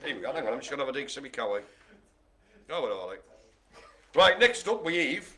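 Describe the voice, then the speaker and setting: A man's voice: mid-range voice, sing-song, fast, sharp tone. A man hosting a live-streamed bingo game, joking and playing the showman as he calls out each item. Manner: jokey, playful, showman-like. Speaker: bingo caller and host.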